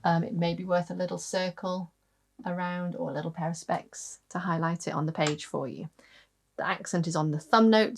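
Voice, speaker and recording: With a harp being played behind her, a woman teaching harp online explains patiently, counting out loud and vocalizing the rhythms. She speaks at a moderate pace in a lowish voice.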